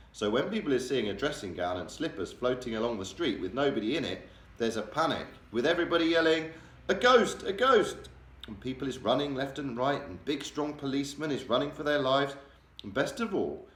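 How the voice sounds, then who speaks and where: Man, teacher reading a children's book aloud, lively voices, roomy echo. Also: medium pitch. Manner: animated, changing voices for characters. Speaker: primary school teacher. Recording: echoey room.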